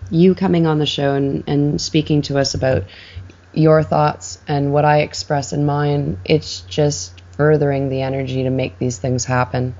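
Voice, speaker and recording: A woman's voice: low-pitched, level tone, normal speed, mellow, muffled recording. Encouraging woman interview host. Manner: affirming, encouraging. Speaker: show host. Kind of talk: interview conversation.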